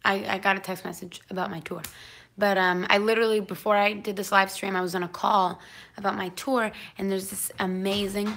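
Chatty young woman with a gravelly edge. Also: mid-range voice, brisk. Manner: chatty, excitable, drifts into whispers. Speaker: singer doing a live Q&A stream. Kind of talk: casual live-stream chat.

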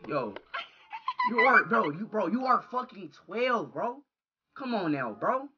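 A man live streaming who reacts loudly to a talking app, yelling, cursing and talking in slang. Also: high-pitched, sing-song, unhurried, lo-fi sound, very noisy.

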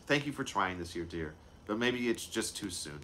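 A man voicing a grieving, gentle mother in a storybook read-aloud, speaking softly and slowly with sighs. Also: on the low side, expressive. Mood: sad, soft. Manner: slow, sighing, tearful lines. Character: grieving gentle mother, soft-spoken, tired.

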